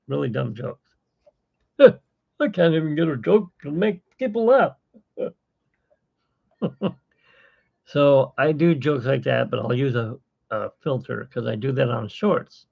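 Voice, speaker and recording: A man's voice: medium pitch, animated, slow pace, creaky, pauses often, slightly rough. A man hosting a casual live-stream chat, rambling and self-mocking with corny jokes. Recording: dull lo-fi stream audio.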